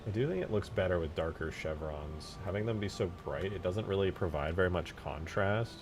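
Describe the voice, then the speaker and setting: A man's voice: low voice, a little fast, noisy background. A man chatting casually on a livestream while he works on a game mod, talking to viewers in an easygoing way. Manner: chatty, animated, talks to viewers and his cat. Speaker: streamer.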